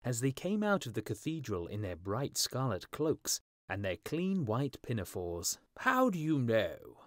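A man narrating a storybook for English learners with a clear, measured reading. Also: medium pitch, sing-song, dry recording, studio quality. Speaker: audiobook narrator.

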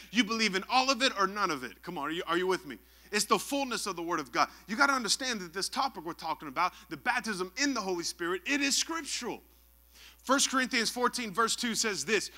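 A young man preaches to his congregation, stopping often to call for their answers. His voice sits high for a man and rings very bright and sharp. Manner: lively call-and-response preaching. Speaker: pastor. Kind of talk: sermon.

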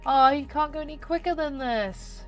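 A woman chatting excitedly through gameplay commentary, her voice nasal and slightly hoarse. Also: high voice, moderate pace, soft background music. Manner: chatty and excitable, talking to viewers. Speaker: gaming channel host.

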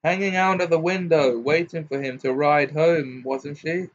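A man's voice: on the high side, moderate pace, lo-fi sound, voice pushed up, lightly acted. A man voicing a vicious, spiteful young man who taunts with a cackling, sneering manner. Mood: taunting.

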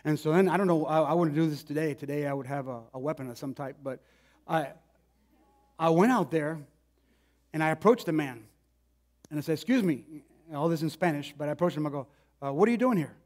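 A male pastor preaches, slipping into an animated personal story. He talks conversationally, often restarting his sentences. His voice sits on the higher side. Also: fairly quick, pauses often.

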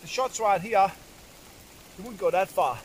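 A man's voice: high-pitched, expressive, measured pace, slight background noise. A man, talking casually to camera on a hunting vlog outdoors in wet bush, swearing now and then. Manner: casual, swears, talks to viewers as guys. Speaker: hunting vlogger.

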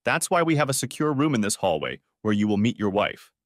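A man's voice: on the low side, sing-song, brisk, no echo. A man voicing a courteous, formal county sheriff in an audio-book story, dry and close. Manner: polite, accommodating, formal. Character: courteous middle-aged male county sheriff.

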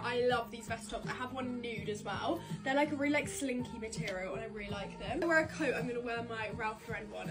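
Chatty woman, bright voice. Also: on the high side. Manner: chatty, self-deprecating. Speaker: beauty creator. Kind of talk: get-ready-with-me chat. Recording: loud music behind.

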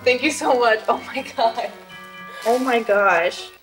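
A young woman with a somewhat high voice co-hosts a casual home vlog. She is giggly and emotional and repeats herself a lot. The room sounds echoey. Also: takes it slowly, music in the background. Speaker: vlog co-host, girlfriend.

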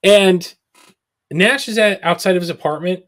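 A man hosting a podcast, recapping a film in a casual, sarcastic, animated way. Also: high voice, moderate pace. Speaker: podcast host.

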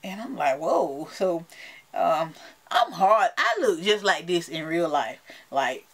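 An American beauty vlogger with a Southern accent chats casually to camera, talking straight to her viewers in a chatty, playful way. Her voice is fairly low, animated, and slow.

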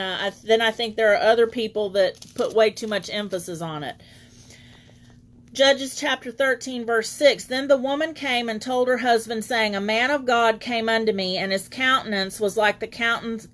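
A woman's voice: on the high side, fairly bright tone. A woman leading an online Bible teaching as preacher, reading scripture aloud and greeting viewers by name.

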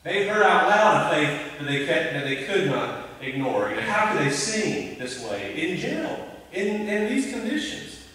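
A man preaching a conversational, animated sermon, recorded from a distance in a church sanctuary. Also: measured pace, hardly any pauses. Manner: conversational, animated preaching with sudden rises in pitch. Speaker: pastor. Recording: echoey church hall, voice from a distance.

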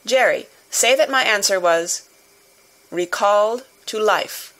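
A woman reading the lines of a composed middle-aged male bank clerk, speaking with quiet businesslike confidence. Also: medium pitch, slow pace. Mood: calm, businesslike.

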